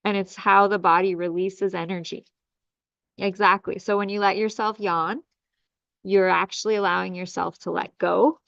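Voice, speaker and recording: A woman's voice: medium pitch, fairly even intonation, normal speed, creaky, a bit bright, dry recording. A woman leading a guided healing meditation in a soothing, repetitive way, with commanding incantations. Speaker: energy healer leading a group session. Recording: dry, dull lo-fi sound.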